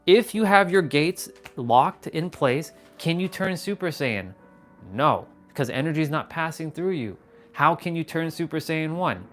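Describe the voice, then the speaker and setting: A man hosting a fitness livestream, talking in a casual, animated, rambling way and swearing freely. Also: a little high, measured pace, soft background music. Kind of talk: casual motivational livestream talk.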